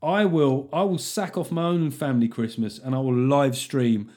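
A man's voice: mid-range voice, normal speed. A man with a British accent hosting a comedy podcast, reading listener letters in a jokey, sweary, casual way. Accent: British English. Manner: sweary, jokey, animated, laughs often. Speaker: podcast host.

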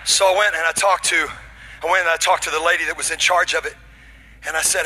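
A young man preaching a sermon, telling a comic story with shouted punchlines and then dropping to a hushed, intimate tone. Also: a little high, fairly even intonation, fast talker, slightly rough, rough recording. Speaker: pastor.

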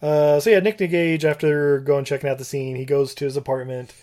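A man's voice: fairly high pitch, steady tone, a little fast, darkish tone. Male podcast co-host, casual movie recap, rambling and loose. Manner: rambling, many fillers and restarts.

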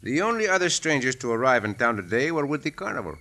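Here is a dashing Mexican caballero in an old radio western. He speaks with a Spanish accent, courtly and measured. His voice is bright and moves up and down a lot. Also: medium pitch, very animated. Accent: Spanish-accented English. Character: dashing Mexican caballero hero, calm and polite. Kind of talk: 1940s radio acting.

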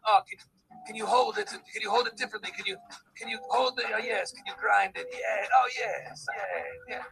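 A man voicing a pretentious, self-absorbed artsy male photographer with breathy, drawn-out moans and bursts of shouting. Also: sits high, fairly even intonation, faint music behind, exaggerated voice, low-quality recording. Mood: swooning.

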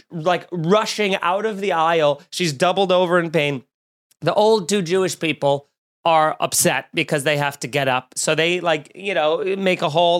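Animated high-voiced man telling a story. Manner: animated, swearing, rising pitch when excited. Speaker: podcast host. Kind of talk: casual storytelling.

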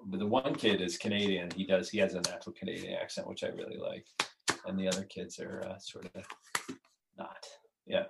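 A man with a deep, low voice talks through a podcast interview as the guest creator. He rambles, circles back and restarts his sentences, and laughs easily. A faint hiss and clicks sit under the call. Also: animated, fairly quick, gravelly.

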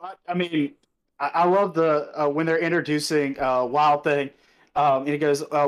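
Higher-voiced man, hesitant casual chat. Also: flat delivery, normal speed. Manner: hesitant, filler-heavy. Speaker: podcast co-host.

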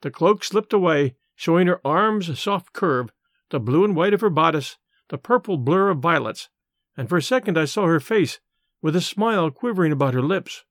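A man narrating a classic novel in the first person, measured and wry in his delivery. His voice sits slightly high with a very lively, animated pitch, recorded dry and close with no room sound. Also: no room sound. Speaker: audiobook narrator.

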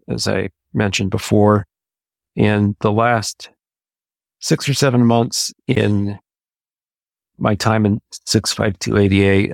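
An American man in his sixties, an Army veteran, telling stories from his service in a measured, anecdotal way. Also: fairly low pitch, creaky, no echo. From United States. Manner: measured, anecdotal, with occasional restarts. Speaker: interview guest, Army veteran. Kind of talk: conversational storytelling.

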